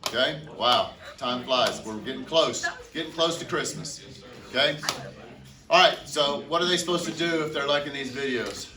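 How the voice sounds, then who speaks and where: A man's voice: mid-range voice, moderate pace, crowd noise. A male chemistry teacher giving an upbeat, joking classroom lecture, counting aloud and quizzing his students. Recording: echoey classroom, mic far off.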